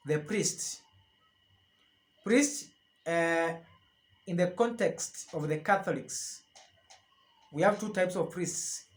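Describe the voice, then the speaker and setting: Man, sign language teacher, slow and deliberate, slightly high voice, repeats each word. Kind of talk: instructional explanation.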